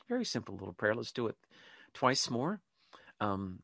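A man's voice: lowish voice, very animated, fairly quick, sharp tone, no echo. A man hosting a spoken show, talking in a rambling way with many ums and restarts, and leading listeners in a short prayer. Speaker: host. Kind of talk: casual spoken talk show monologue.

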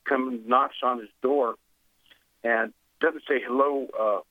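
A man's voice: mid-range voice, slow pace, no echo. A man telling a long, meandering story over the phone on a radio show, full of "uh"s and restarts. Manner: meandering, filler-heavy storytelling with animated retelling. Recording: tinny phone line.

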